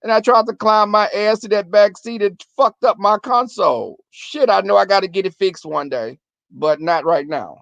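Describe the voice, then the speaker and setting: A man telling crude stories in a casual rant to his viewers, profane and animated, acting out quarrels in a shrill voice. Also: normal speed, gravelly, dry recording.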